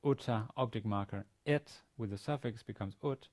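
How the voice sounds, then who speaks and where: Low, mellow-voiced male lecturer. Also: moderate pace. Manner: methodical, reads Hebrew then translates and explains. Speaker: university lecturer. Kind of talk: Biblical Hebrew grammar lesson.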